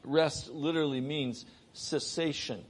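A middle-aged man preaching a sermon, moving between raised, urgent delivery and hushed, soft passages. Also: fairly high pitch, steady tone, measured pace, breathy edge.

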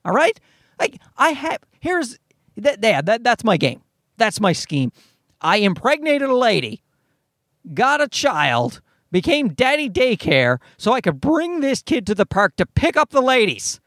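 A man's voice: very high-pitched, very animated, measured pace, a bit bright, no echo, clean studio sound. A man, likely in his thirties, telling a comic story as a profane, exasperated rant.

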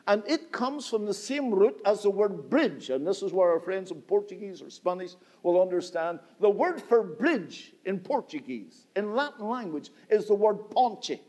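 A middle-aged man with a Northern Irish accent preaches an evening church sermon in a notably high voice. His delivery swells and drops in a steady preaching cadence, and he keeps turning to the congregation as "my friend". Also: moderate pace, few pauses. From Northern Ireland. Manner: rising and falling preaching cadence, repeats "my friend". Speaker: visiting preacher.

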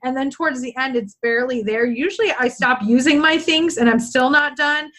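A woman's voice: sits high, fairly quick, a bit bright. A woman hosting a casual podcast interview, talking candidly and animatedly, laughing often and swearing now and then. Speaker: podcast host.

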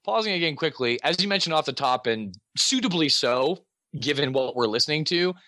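A man hosting a podcast in casual chat, excitable and joking, with quick asides. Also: on the high side, dry recording, clean studio sound. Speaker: podcast host.

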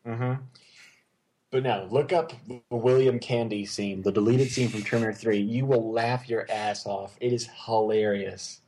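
A man's voice: lowish voice, fairly even intonation, moderate pace, mellow, slightly rough. A man co-hosting a casual movie chat, rambling and enthusiastic, full of fillers and restarts. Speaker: podcast co-host.

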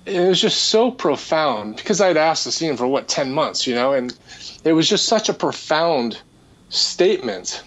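A man's voice: on the high side, moderate pace. A man, an energy healer, earnestly retelling a spiritual experience in casual conversation. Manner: earnest, animated retelling with restarts. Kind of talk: casual storytelling.

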